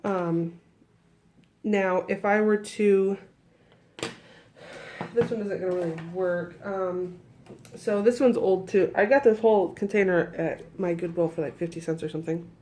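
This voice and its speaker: A woman's voice: medium pitch, steady tone, measured pace, pauses often, mellow. A woman with a groggy morning voice, chatting casually through a crafting demonstration with lots of fillers and restarts. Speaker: crafting tutorial host.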